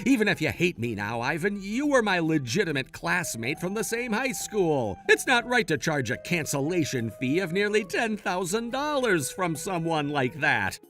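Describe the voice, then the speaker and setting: A man's voice: on the high side, big pitch swings, normal speed, few pauses, a bit bright, soft background music. Earnest young man narrating a dramatic story.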